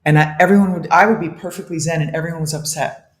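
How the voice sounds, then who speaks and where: A man's voice: a little high, quick pace. A man being interviewed as a detox specialist, talking animatedly and laughing often. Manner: animated, acts out inner dialogue, laughs often. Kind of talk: casual interview talk. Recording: echoey room.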